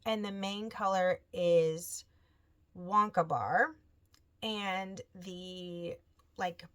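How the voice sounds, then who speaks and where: A woman's voice: on the low side, drawn-out words. Chatty woman knitting vlogger. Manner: chatty, animated storytelling with quoted voices. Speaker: knitting podcast host. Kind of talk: casual chat.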